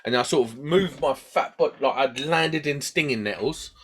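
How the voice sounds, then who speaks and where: A man speaks at an ordinary pace and medium pitch while telling a story on his co-hosted podcast. The chat is casual, and he's animated, voicing the characters he quotes and laughing at his own expense.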